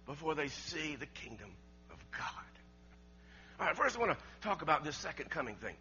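A man preaching a sermon, emphatic and rising to near shouts, with laughs between his points and words he repeats. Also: on the high side, sing-song, moderate pace. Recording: dull lo-fi recording with mains hum.

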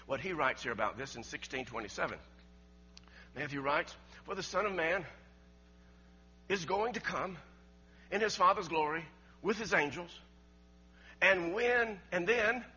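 A man preaching a sermon, emphatic and rising to near shouts, with laughs between his points and words he repeats. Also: high-pitched, husky. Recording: dull lo-fi recording with mains hum.

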